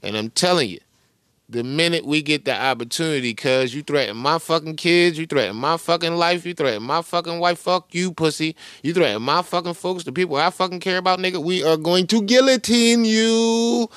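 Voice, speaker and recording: A man's voice: a little high, a little fast, fairly bright tone, smooth, no room sound, clean studio sound. A man hosting a podcast, ranting in crude street slang and mocking the clips he plays. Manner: angry, crude, street slang, repeats clip words back mockingly. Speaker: podcast host. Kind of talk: profane commentary rant over played clips.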